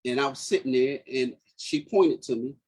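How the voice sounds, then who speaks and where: A man's voice: medium pitch, moderate pace, darkish tone, breathy edge. A middle-aged man telling his personal story as a podcast guest, earnest and moved, repeating phrases as he recalls what people said.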